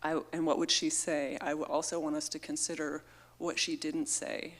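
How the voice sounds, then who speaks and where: A woman's voice: low voice, flat delivery, moderate pace. A middle-aged woman giving an earnest, heartfelt memorial tribute into a microphone at a gathering, her voice emotional. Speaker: memorial speaker.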